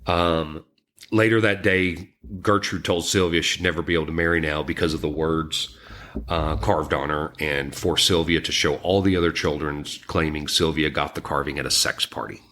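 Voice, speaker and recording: A man with a low voice narrates a true crime case for a podcast. He speaks somberly and haltingly, pausing on ums and restarting his sentences. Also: steady tone, sharp tone, slight background noise. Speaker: podcast co-host. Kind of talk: recounting a true crime story.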